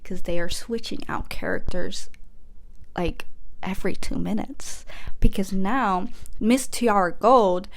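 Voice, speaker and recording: A woman podcast host giving a casual, rambling comedic recap, animated and full of fillers. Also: medium pitch, slow pace.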